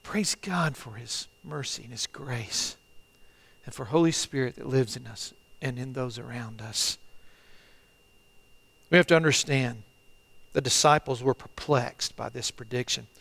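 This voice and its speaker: A middle-aged man preaching a sermon as pastor, earnest and halting, often repeating phrases and swinging between loud and hushed delivery. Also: mid-range voice, gravelly, husky. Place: church, online service.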